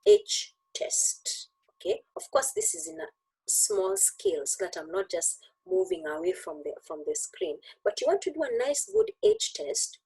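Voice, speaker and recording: A woman's voice: very high-pitched, huge pitch swings, measured pace, gravelly, mellow, rough recording. A woman tutoring doctors in an online exam-review lesson, joking and demonstrating as she teaches, heard through a computer mic on a video call.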